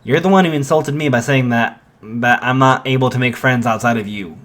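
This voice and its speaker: A man doing a gruff, jealous teen rival. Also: mid-range voice, a little fast, fairly bright tone, close to an everyday voice. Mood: grumbling. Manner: gruff, grumbling insults. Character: hot-headed jealous teenage boy rival.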